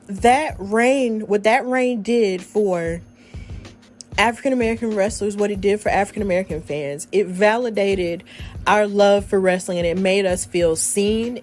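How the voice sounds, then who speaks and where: A young woman hosts a podcast and tells a personal story in an earnest, heartfelt way, laughing now and then. Her voice sits at a middle pitch for a woman. Faint music plays quietly behind her. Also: measured pace. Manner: emotional, earnest and animated, with laughter. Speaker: podcast host.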